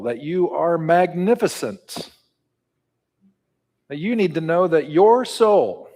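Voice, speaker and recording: In a reverberant hall, a pastor with a slightly high, somewhat mellow voice preaches a sermon and leads a prayer. He's earnest, building toward call-and-response.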